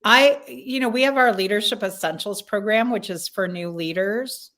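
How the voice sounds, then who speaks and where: A woman speaks as a guest in a casual podcast conversation at an ordinary middle pitch. She thinks out loud, slowing down and searching for words, with frequent fillers and restarts. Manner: thinks aloud, slow and searching, many fillers. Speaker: leadership consultant guest.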